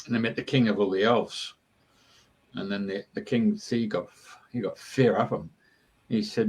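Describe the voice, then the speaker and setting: A man from Australia, interviewed as a guest, spins long, rambling, casual stories in a chatty style with many ums and uhs. His fairly low voice has fairly even intonation, a moderate pace, a darkish tone, and a breathy edge. Audio quality is poor.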